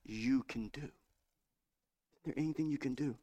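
A man's voice: mid-range voice, mellow, natural voice. A man voicing a pleading young woman. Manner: halting, begging, stammers. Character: pleading young woman, broke college student.

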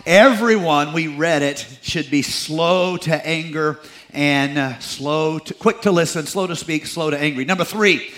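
A man preaches a sermon, his slightly high voice bright and forceful. He jokes in a folksy way and drops to soft asides between readings. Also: measured pace. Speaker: pastor.

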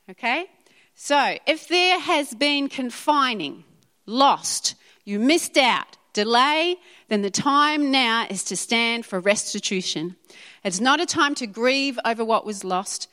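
A woman preaching to a congregation in a church hall, her somewhat high voice carrying a long reverb around her. She drives her points home with emphatic repetition and asks the room for agreement. Her delivery is animated and direct. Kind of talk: sermon.

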